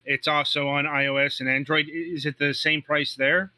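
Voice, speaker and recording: Bright-voiced male podcast host. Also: fairly high pitch, flat delivery, clear, resonant tone, rough recording. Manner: friendly, wraps up the show in a measured way. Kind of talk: interview host.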